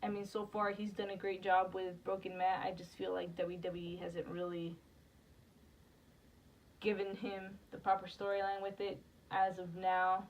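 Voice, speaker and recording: A woman's voice: mid-range voice, completely flat delivery, moderate pace, muffled recording. A woman co-hosting a casual wrestling review podcast, chatty and steering from topic to topic with lots of "like". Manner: chatty, leads the segments, frequent "like". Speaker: podcast co-host. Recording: distant mic with background noise.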